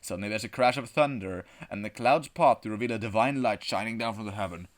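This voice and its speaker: A man hosting a comedy podcast, reading a text adventure aloud in an animated, profane way and often breaking into laughter. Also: lowish voice, quick pace. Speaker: podcast host playing a text game.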